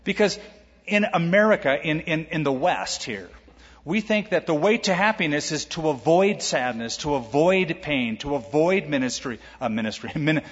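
Man pastor preaching, higher voice, husky, long hall echo, dull lo-fi sound. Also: moderate pace. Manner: animated, acts out quoted voices with jokes. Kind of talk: sermon.

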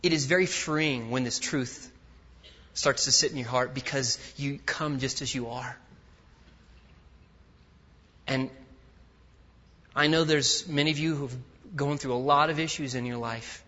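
A man preaching a sermon as a guest speaker, swinging from loud emphatic peaks to quiet, intimate asides. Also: medium pitch, steady tone, moderate pace. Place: large church sanctuary. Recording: dull audio with long hall reverb.

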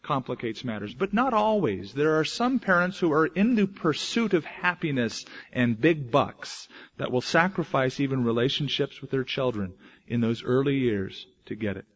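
A male pastor preaching a sermon, moving between loud, emphatic declarations and quiet, hushed asides. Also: medium pitch, expressive, moderate pace, lo-fi sound.

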